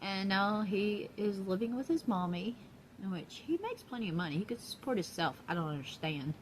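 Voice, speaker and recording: A woman's voice: mid-range voice, lively intonation, normal speed, slight background noise. A woman chatting in a casual vlog from her apartment, blunt and profane, laughing often. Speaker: YouTube vlogger. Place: downstairs apartment.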